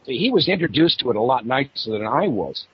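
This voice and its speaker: A man's voice: medium pitch, fairly quick, slightly rough. A man telling his own stories in a casual chat on an online radio show, acting out the people in them as he goes. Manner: animated storyteller, acts out voices in his stories. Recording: dull lo-fi online radio audio.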